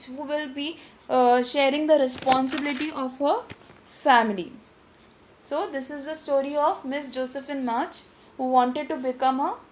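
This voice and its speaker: A woman's voice: sits high, darkish tone. A woman teacher with an Indian English accent, giving an online literature lesson and reading a story aloud with vocabulary instructions. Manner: instructive, repeats phrases, frequent restarts.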